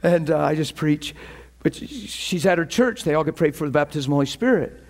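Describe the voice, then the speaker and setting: A male preacher delivering a sermon through lively anecdotes. His voice sits a little high, and he dramatizes the people in his stories as he goes. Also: fairly quick. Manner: animated storytelling, acts out quoted voices. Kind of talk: sermon storytelling.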